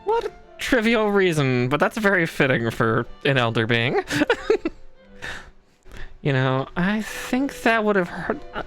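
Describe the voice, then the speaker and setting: A woman streaming a dating game, giggling often, lively, and swearing casually as she reacts. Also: on the low side, a little slow, faint music behind. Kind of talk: gaming stream commentary.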